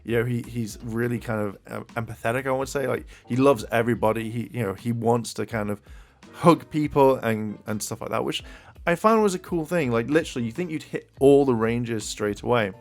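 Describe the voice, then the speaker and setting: A man's voice: mid-range voice, a little fast, faint music behind. Rambling man reviewing an episode. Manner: rambling, many fillers and restarts, excitable. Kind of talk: casual video review.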